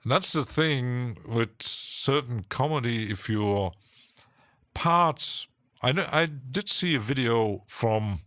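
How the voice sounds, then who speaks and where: A man hosting a live stream, chatting casually in a rambling, halting way with frequent restarts and short laughs, from his home studio. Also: mid-range voice, animated, fairly bright tone, dry recording.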